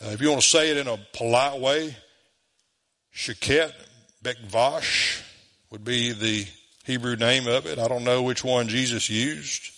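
A man's voice: medium pitch, a little slow, bright, forceful tone. A man preaching a sermon in a folksy, conversational way, chuckling often. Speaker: pastor.

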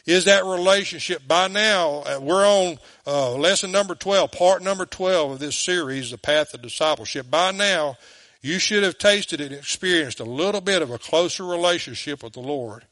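A man preaching a sermon in an earnest way, who asks his listeners direct questions and slows down when he quotes scripture. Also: on the high side, a bit bright, no room sound. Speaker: pastor.

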